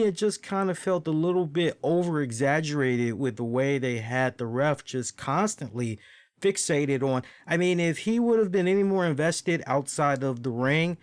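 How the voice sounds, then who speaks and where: A man hosting a podcast, casually reviewing wrestling in a chatty, profane, animated way. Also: a little high, no echo, studio quality. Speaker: podcast host.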